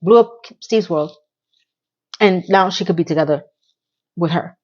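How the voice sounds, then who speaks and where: A woman's voice: lowish voice, unhurried, a little mellow, highs cut off. A woman giving a casual recap of a TV episode, with blunt, exasperated commentary and words she repeats for emphasis. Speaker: TV recap reviewer.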